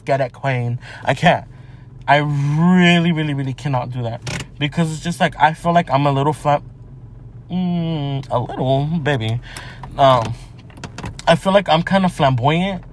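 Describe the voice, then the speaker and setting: A man's voice: fairly high pitch, slight background noise. A young man talking casually and profanely in a brash, joking manner from a parked car. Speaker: vlogger. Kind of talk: casual monologue vlog.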